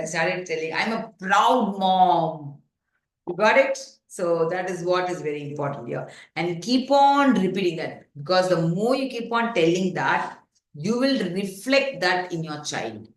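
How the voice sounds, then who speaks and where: A woman leads a parenting workshop, speaking in an earnest, instructive way. She restarts sentences and leans on fillers. She keeps checking in with her audience. Her voice bounces around a reverberant room. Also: lowish voice. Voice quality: frequent fillers and self-corrections, rhetorical check-ins. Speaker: parenting coach. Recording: echoey room.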